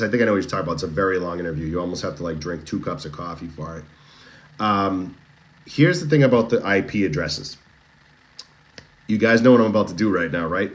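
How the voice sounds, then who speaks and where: A man with a Boston accent hosting a casual true crime livestream, chatting with viewers, answering their comments and asking them questions. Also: lowish voice. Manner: chatty, with frequent restarts and direct questions to viewers. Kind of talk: casual live-stream chat reading viewer comments.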